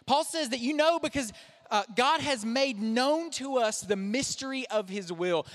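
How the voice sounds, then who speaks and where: A man's voice: sits high, a bit bright. A young man, a pastor, preaching a sermon in a conversational, self-deprecating way. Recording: reverberant hall.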